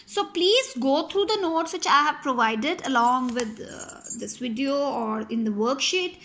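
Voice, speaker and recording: A woman with an Indian English accent teaches grammar in a high, bright voice. She talks slowly and patiently, walking through each example one step at a time. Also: a little hiss or hum. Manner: slow, explaining step by step with examples. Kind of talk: grammar lesson.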